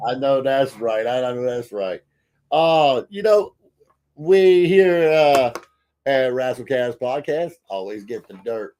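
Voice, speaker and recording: A man hosting a podcast in casual, folksy chat, full of fillers and bursts of excitement. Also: mid-range voice, slow. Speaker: podcast host.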